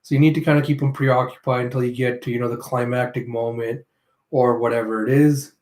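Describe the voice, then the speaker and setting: A man's voice: medium pitch, steady tone, fairly quick, a little mellow. A man hosting a reaction video, giving casual, rambling review commentary. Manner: rambling, many fillers and restarts. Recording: roomy echo.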